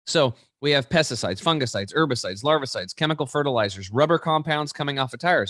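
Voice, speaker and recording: A man's voice: fairly high pitch, quick pace, hardly any pauses, no echo, clean studio sound. A man, an interview guest, explaining with energy, acting out quoted people and often restarting his sentences. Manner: animated storyteller, acts out quoted voices, many restarts.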